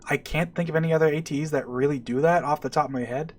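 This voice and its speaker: A man's voice: a little high, steady tone, fast talker. Chatty man narrating gameplay. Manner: chatty, with frequent "like" and restarts. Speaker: let's play host. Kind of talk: casual gameplay commentary. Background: faint game music.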